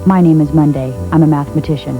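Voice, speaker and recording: Clipped deadpan detective narrator man. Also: a little high, fast, narrow, tinny audio, over music. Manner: clipped, matter-of-fact.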